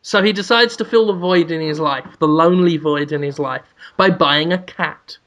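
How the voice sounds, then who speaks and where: Man, podcast co-host, high voice, bright tone, rambling comic storytelling. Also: normal speed, highs cut off. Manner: rambling, giggly, off-the-cuff.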